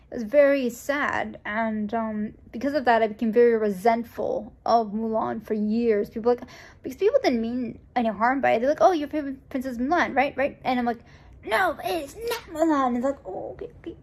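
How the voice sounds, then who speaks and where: A young woman raised in the United States, telling a personal story in a casual, rambling way, full of restarts and fillers, and acting out the lines of the people in it. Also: a little high. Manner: acts out quoted dialogue in a lively voice. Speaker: vlogger.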